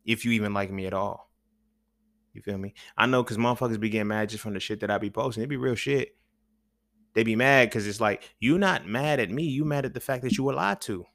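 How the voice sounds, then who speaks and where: A man's voice: on the low side, a little fast, a bit bright, dry recording, clean studio sound. A man hosting a podcast, talking in a loose, rambling, profane monologue full of slang, often asking "you feel me". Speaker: podcast host. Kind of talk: casual monologue.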